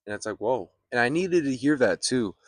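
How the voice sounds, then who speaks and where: A young man vlogging in a laid-back, rambling way, with many fillers and pauses. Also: mid-range voice, expressive, no echo, clean studio sound. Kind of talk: casual vlog talk. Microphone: phone or camera mic, built-in mic.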